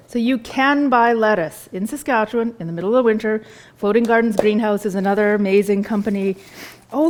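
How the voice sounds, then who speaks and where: A woman's voice: medium pitch, a little mellow, slight background noise. A woman, a chef giving a live cooking demonstration in a store kitchen, chatty and enthusiastic as she tastes food while she talks.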